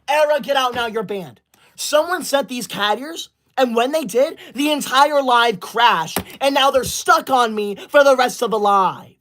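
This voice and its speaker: A man's voice: extremely high pitch, fairly bright tone. A man playing a self-righteous teacher's-pet livestreamer in a comedy skit, scolding his viewers indignantly. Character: smug young male teacher's-pet streamer, bossy. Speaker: livestreamer character.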